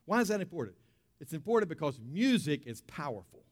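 Male preacher, talky sermon style with repeated emphases, a bit high-pitched, big reverberant hall. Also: very animated, fairly quick. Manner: conversational preaching with emphatic repetitions and rhetorical questions. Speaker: pastor. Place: church sanctuary.

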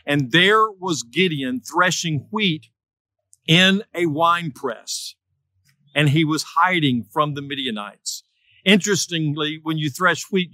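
A man's voice: sharp tone, dry recording. A man preaching a sermon, retelling a scripture story and acting out quoted voices. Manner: storytelling, acts out quoted voices with raised pitch.

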